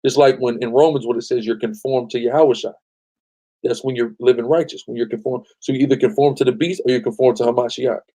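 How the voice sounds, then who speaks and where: A man's voice: medium pitch, steady tone, fast talker, mellow. A man hosting a live-stream bible study, preaching emphatically, often asking "right?" and telling the reader to go ahead. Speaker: host leading a scripture study.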